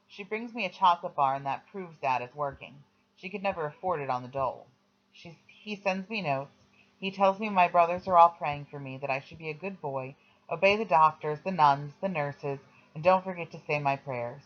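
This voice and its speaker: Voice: mid-range voice, moderate pace. A reader narrating a memoir audiobook in a plain storytelling manner. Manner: plain storytelling, quoting voices. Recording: slightly dull lo-fi recording.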